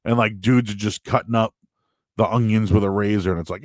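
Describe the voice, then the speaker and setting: A man hosting a show, chatting casually and answering viewer questions in a rambling, animated way with sudden loud, high bursts. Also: brisk, dry recording. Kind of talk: casual live-stream chat.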